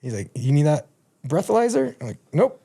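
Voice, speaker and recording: A man, a podcast guest in casual talk, telling a story with lots of swearing and acting out the other people's lines in a higher, louder voice. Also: fairly quick, breathy edge. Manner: animated, profane, acts out quotes in a raised voice.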